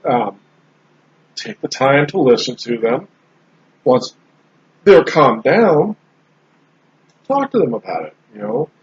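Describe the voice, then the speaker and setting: A man in casual podcast chat, talking in a relaxed, rambling way with frequent restarts. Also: mid-range voice, slow, long pauses, slightly rough. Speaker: podcast host. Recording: slightly dull lo-fi sound with faint background noise.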